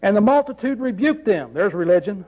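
A man's voice: high-pitched, big pitch swings, fairly quick, lo-fi sound. A man preaching a sermon in a conversational way, often asking the congregation rhetorical questions.

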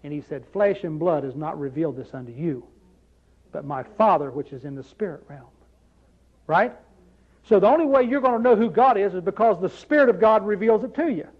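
A man's voice: high-pitched, dull audio. A man preaching a sermon in a conversational way, often asking the congregation rhetorical questions.

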